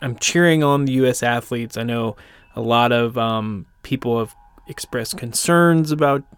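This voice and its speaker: A man's voice: mid-range voice, normal speed, clean tone, dry recording. A man from the United States hosting a podcast in a casual, rambling way, with self-deprecating jokes and lots of fillers. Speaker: podcast host.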